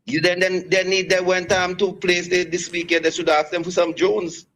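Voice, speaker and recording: A man calling in to a radio show by phone, rambling and halting with many restarts. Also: sits high, flat delivery, a bit bright, a little hiss or hum, poor audio. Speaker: caller. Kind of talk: call-in radio talk.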